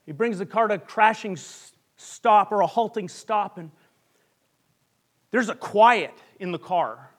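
A man preaching a sermon, telling a long joke story with dramatic pauses that drop to a hush. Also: sits high. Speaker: pastor.

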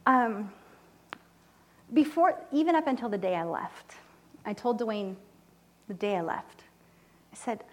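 A woman telling a mission story in a sermon, animated and emotional, dropping to near-whispers when moved. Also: a little high, unhurried, pauses often. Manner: animated storytelling, voices quoted people, drops to soft near-whispers; emotional, close to tears. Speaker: church speaker reporting on mission trip. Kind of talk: sermon testimony.

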